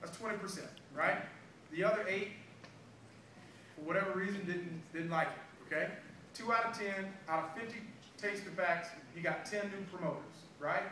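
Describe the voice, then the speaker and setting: High-voiced man giving a sales pep talk. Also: moderate pace. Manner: animated storytelling, acting out dialogue. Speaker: sales trainer. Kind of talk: motivational sales training talk. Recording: echoey room, far from mic, background noise.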